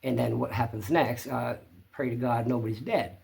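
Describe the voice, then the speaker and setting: A man's voice: mid-range voice, moderate pace, gravelly, a little mellow. A man hosting his own channel, telling a story to camera in a plainspoken, rambling way. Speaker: channel host.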